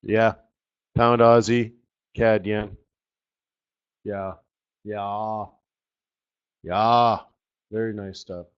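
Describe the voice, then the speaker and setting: A man hosting a live trading webinar, talking over his charts with excited outbursts and trailing murmurs. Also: lowish voice, very slow, pauses often, clear, resonant tone, dull audio. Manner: excitable, exclamatory, trails off while fiddling with charts. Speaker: forex market strategist hosting a live webinar.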